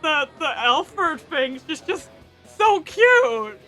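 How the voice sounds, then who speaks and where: Giggly high-voiced woman streamer. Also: very animated, drawn-out words, sharp tone, faint music behind. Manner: giggly, gushing, keeps laughing between remarks. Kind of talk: live-stream reaction commentary.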